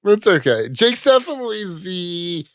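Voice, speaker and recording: A man's voice: high-pitched, big pitch swings, moderate pace, no echo, studio quality. A man co-hosting a podcast in casual chat, teasing his friends and laughing often. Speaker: podcast co-host.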